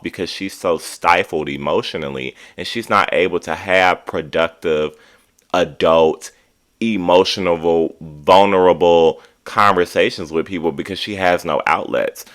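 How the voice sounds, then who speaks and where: A man hosting a casual reality TV recap, talking in an animated, sassy, opinionated way. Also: low voice. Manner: animated, sassy, drawn-out commentary.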